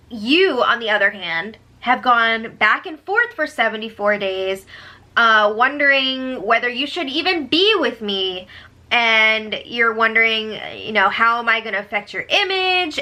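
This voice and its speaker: A woman's voice: fairly high pitch, sharp tone. A woman giving a gossipy, sarcastic casual recap of a reality show, breaking into disbelieving exclamations. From United States.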